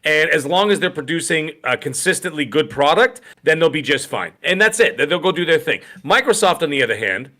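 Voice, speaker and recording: A middle-aged man co-hosting a gaming podcast in rambling, animated casual chat with many restarts. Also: fairly high pitch, fairly quick, few pauses. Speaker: podcast co-host.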